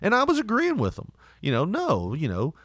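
A married man with a drawl tells stories in a loose, joking chat, his pitch bouncing all over as he gets into it. He laughs a lot between lines, and his voice sits a bit high for a man. The sound is close and dry, with no room behind it. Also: normal speed, no echo. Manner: animated, laughs often while telling stories. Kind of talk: casual storytelling chat.

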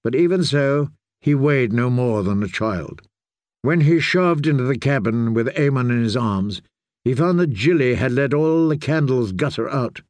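A man reading a fantasy audiobook in a measured, steady storytelling manner. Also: mid-range voice, no echo. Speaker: audiobook reader.

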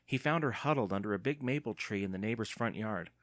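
A man narrating a children's story in an expressive storytelling manner. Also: fairly low pitch, fast, dry recording, studio quality. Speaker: audiobook narrator. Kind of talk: scripted narration.

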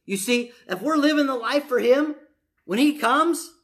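A male pastor preaching a sermon to a congregation in church, emphatic, moving from hushed to loud. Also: extremely high pitch, unhurried.

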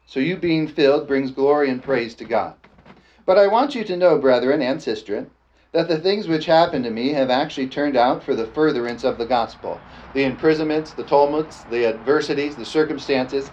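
Guy preaching, kinda high voice, keeps asking amen, muffled lo-fi recording. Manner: lively, joking, calls out "amen?" to the congregation. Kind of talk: sermon. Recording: dull lo-fi sound with faint background noise.

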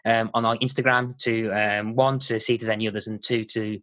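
A man's voice: lowish voice, flat delivery, a little fast, a bit bright, no echo. Black Country man, rambling podcast chat. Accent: Black Country English. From Walsall, Black Country, England. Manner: rambling, many fillers and restarts. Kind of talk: casual chat.

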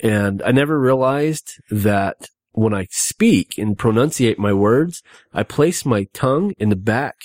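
A man's voice: on the low side, lively intonation, unhurried, darkish tone, no room sound, clean studio sound. A man hosting a casual podcast, rambling with many fillers and restarts while talking after having two back teeth pulled. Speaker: podcast host.

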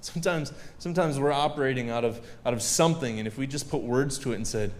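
Male preacher, mid-pitched, casual stage talk, banters with the room. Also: fast, few pauses, a little hiss or hum. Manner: conversational, joking asides with the audience. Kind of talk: sermon. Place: live venue with audience.

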